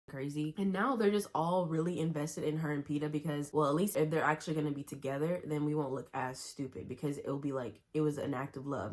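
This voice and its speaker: A woman's voice: sits low, darkish tone. A young woman talking casually and opinionatedly about books she is reading, full of "like" and asides. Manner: chatty, opinionated, lots of "like". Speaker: book vlogger.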